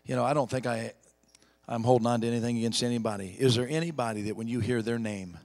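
A middle-aged man preaching a storytelling sermon in a folksy, emphatic way, dropping to a hush for heavy moments. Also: mid-range voice, quick pace, big-room sound. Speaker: evangelist preacher.

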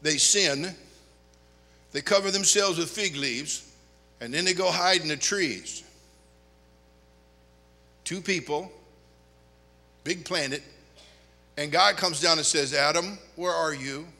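An older man preaching a sermon as a pastor, animated and joking, with sudden loud outbursts. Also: a little high, takes it slowly, pauses often. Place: church sanctuary. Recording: long hall reverb.

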